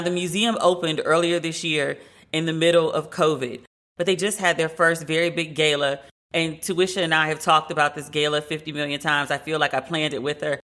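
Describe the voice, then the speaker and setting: A woman hosts her podcast alone from her open-plan home loft and talks in a lively, casual way. Her voice is bright and forceful. She chats in long running stretches with plenty of "like" fillers. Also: sits low. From based in Los Angeles. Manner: chatty and animated, many "like" fillers. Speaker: podcast host. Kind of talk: casual solo chat.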